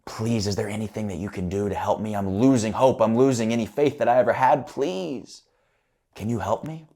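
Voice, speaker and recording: A desperate man stuck at the bottom of a deep hole calls upward, pleading for help, played by a man in his own low voice. He begs with rising urgency. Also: brisk, mellow.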